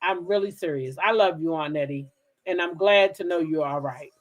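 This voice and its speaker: A woman from the DC hosting a casual livestream, telling stories straight to her viewers in an animated, profane way. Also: deep voice, normal speed. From Kensington, Maryland, near Washington DC. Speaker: livestream gossip host. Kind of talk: casual chat with live viewers.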